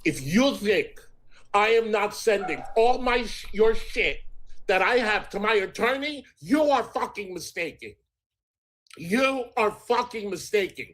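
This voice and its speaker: A man's voice: high-pitched, expressive, measured pace, a bit bright. A man streaming to his viewers, swearing and ranting in a dramatic way between thank-yous to donors. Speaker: streamer in replayed clips. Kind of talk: livestream talk to viewers.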